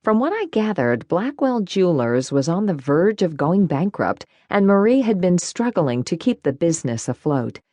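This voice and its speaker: A woman narrating a first-person cozy mystery audiobook in an expressive, warm storytelling manner. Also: lowish voice, normal speed, few pauses, no echo.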